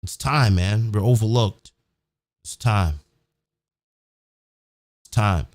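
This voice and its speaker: A man hosts a live-streamed podcast in a low voice, pressing each point hard and swearing freely. He keeps repeating himself and tags his lines with "man". The sound is close and dry, with no room echo. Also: slow pace. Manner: emphatic, repetitive, keeps saying "man"; profane, fired up. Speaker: podcast host. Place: home recording setup near a big city.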